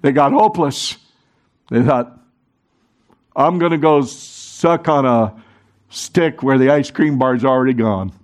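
A middle-aged man preaching a sermon, animated and urging the congregation to join in. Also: mid-range voice, slow, long pauses. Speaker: pastor.

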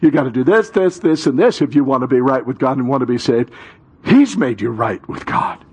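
Husky preacher man, shouting and lively. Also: medium pitch, fairly quick. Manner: call-and-response preaching, rising to shouts. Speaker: pastor. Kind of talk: sermon.

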